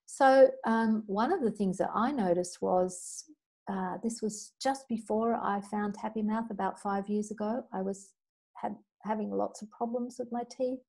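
Mellow-voiced woman teaching a healing class. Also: medium pitch, creaky. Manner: earnest, chatty, storytelling, with quick recited formulas. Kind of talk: spoken teaching talk with clearing statements.

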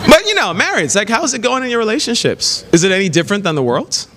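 A man preaching a sermon, telling lively stories with laughs and exclamations. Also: high voice, fast. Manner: animated storytelling with laughs and exclamations. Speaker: pastor. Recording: long hall reverb, faint noise.

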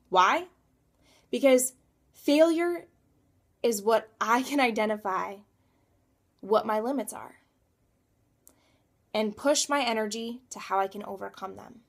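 A woman's voice: mid-range voice, a little slow, creaky, long pauses. A woman in her thirties talking through a personal motivational vlog, emphatic and repeating words for stress. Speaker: coach and realtor.

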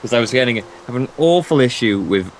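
A man co-hosting a casual gaming video, playful and quick to laugh, talking into a desk microphone set beside his keyboard. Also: medium pitch, lively intonation, loud music behind the voice. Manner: playful, puts on silly voices and laughs a lot. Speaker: co-host of a game series.

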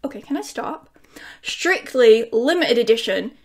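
A woman with a fairly high voice records a casual unboxing vlog from home. She talks in an unhurried, drawn-out way, gushing with excitement and chatting to her dog between thoughts. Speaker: vinyl collecting YouTuber.

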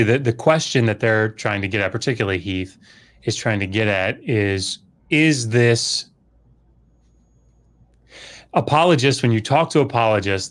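A man, a scholar being interviewed, explaining things at length in a measured way with frequent fillers. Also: lowish voice, fairly bright tone. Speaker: scholar guest. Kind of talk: casual expert explanation.

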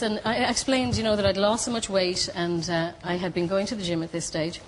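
Irish woman telling a lively story. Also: mid-range voice, fairly quick, a little hiss or hum, rough recording. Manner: animated, acts out quoted voices. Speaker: studio guest. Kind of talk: storytelling on a chat show. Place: TV studio.

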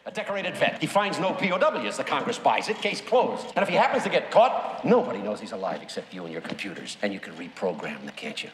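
An actor playing a principled army colonel who bitterly accuses a bureaucrat of a cover-up, heard in reverberant film audio. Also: male voice, medium pitch, sing-song, quick pace, hardly any pauses, slight background noise, close to an everyday voice. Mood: bitter accusing. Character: angry, principled male army colonel mentor.

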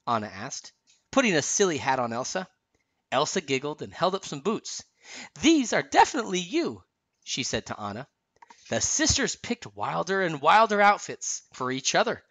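A man narrating a children's storybook aloud in an expressive, sing-song way. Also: a little high, normal speed, dry recording. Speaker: storyteller dad.

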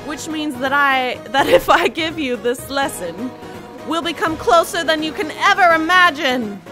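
A woman voicing a brash, fierce female fish-monster warrior captain from a game, loud and overeager. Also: high-pitched, a little slow, music in the background, voice pushed up. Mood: shouting. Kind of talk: reading game dialogue aloud.

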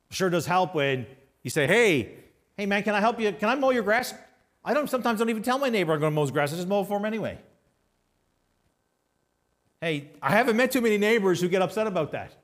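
Male pastor, high-pitched, preaching emphatically in a church. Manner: emphatic, swings between raised exhortation and quiet storytelling. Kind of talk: sermon. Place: church sanctuary.

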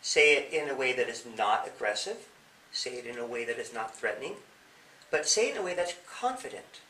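Interviewed in an echoey room and picked up by a distant mic, a policeman advises young people by asking questions and acting out examples. His mid-range voice has lively intonation and a pushed, bright sound, and he talks a little fast.

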